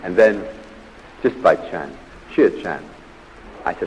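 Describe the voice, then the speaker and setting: A man from the United States giving a humorous psychology lecture on stage, telling anecdotes with dramatic pauses and punchy delivery. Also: low voice, animated, a little mellow, dull audio, slight background noise. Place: large theatre stage, live audience. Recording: old live theatre recording with hall reverb.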